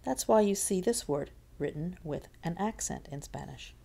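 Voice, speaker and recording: A woman's voice: fairly low pitch, lively intonation, moderate pace, vocal fry, mellow, breathy edge. A woman teaching a Spanish lesson, patiently repeating words to model their stress. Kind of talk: classroom lesson explanation.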